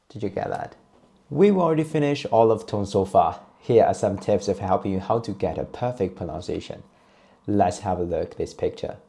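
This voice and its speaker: Low gravelly-voiced man teaching tones. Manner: patient, steady teaching voice, repeats drill sounds. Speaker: Chinese teacher. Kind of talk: explaining and modeling pronunciation.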